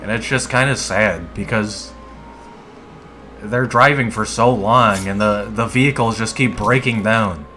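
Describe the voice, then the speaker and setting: A man's voice: lowish voice, a little slow, pushed and bright, soft background music. A man casually chatting while he plays a game, rambling and laid-back and swearing often. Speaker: streamer playing a dungeon game. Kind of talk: casual gameplay commentary.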